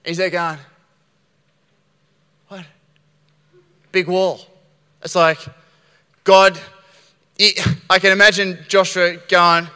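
A man preaching a lively sermon, acting out Bible scenes and restarting his sentences as he goes. His voice is bright and clear, and it rings out with the long reverb of a big church hall. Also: high-pitched, measured pace, pauses often. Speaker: pastor.

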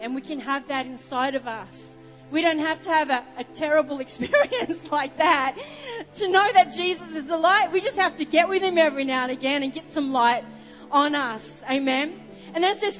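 An Australian woman preaching a sermon, telling stories with rambling asides. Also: high-pitched. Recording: long reverb with music behind.

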